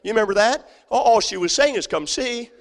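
A man's voice: high voice, fast talker. A man preaches in a church auditorium, his slightly raised voice ringing with a long hall reverb. He is emphatic and repetitive, circling back with many fillers and restarts. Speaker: pastor. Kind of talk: sermon.

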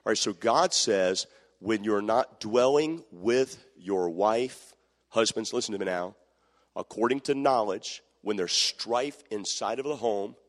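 A man's voice: lowish voice, expressive, measured pace. A man preaching a sermon, reading scripture and calling on the congregation to answer back. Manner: calls for answers from the congregation, acts out quoted voices. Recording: long hall reverb.

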